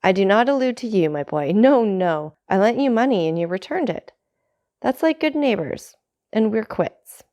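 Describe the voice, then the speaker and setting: A woman's voice: mid-range voice, animated, moderate pace, dark tone, voice pushed up, close to an everyday voice. Caderousse, glib envious tailor read by a woman. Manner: glib, ingratiating, fawning. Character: envious male tailor neighbor, falsely friendly. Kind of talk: audiobook character reading.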